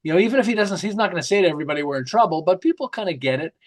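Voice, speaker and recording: Animated man telling stories with laughs. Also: high-pitched, very fast. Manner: lively, jokey, acts out quotes with laughs. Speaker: marketing author and guest. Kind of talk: animated storytelling interview.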